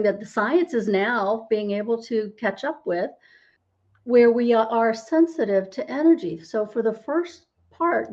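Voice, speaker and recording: A woman's voice: mid-range voice, a little mellow, lo-fi sound. A middle-aged woman, a holistic healer, explaining as a podcast interview guest and often asking "right?" to check in. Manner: explanatory, tags lines with "right?".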